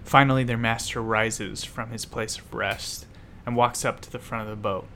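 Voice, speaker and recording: A man's voice: mid-range voice, steady tone, normal speed, pushed and bright, slight background noise. A man giving scripted, vivid dramatic narration as a storyteller.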